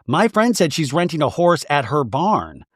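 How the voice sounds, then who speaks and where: A man's voice: fairly high pitch, very animated, normal speed, slightly rough, no room sound, studio quality. A man doing an impression of a gossipy woman passing on rumors in a confiding tone.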